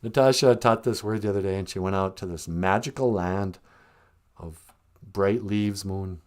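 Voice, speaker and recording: Outdoors on a back porch, a man with a low voice and moderate pace hosts a casual live-stream podcast. He's a joking storyteller who laughs often.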